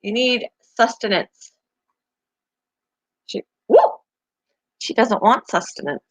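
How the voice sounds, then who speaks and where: A woman's voice: on the high side, slow pace, dry recording, rough recording. A woman hosting a pet channel, chatting casually on a live stream and cooing to her small pets between remarks.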